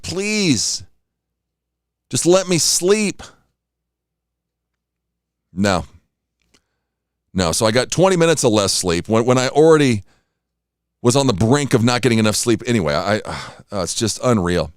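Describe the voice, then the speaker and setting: A man's voice: medium pitch, expressive, fairly quick, clear, resonant tone, no echo, studio quality. A tired man hosting a casual morning radio show, rambling and self-deprecating, acting out little pleas. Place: radio studio.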